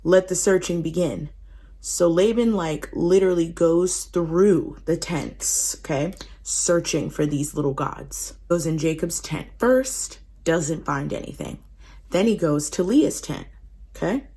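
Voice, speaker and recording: Husky-voiced woman retelling scripture casually. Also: on the low side, expressive, slow, warm tone. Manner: slangy, conversational, laughing asides. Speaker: host retelling Bible stories. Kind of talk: casual storytelling.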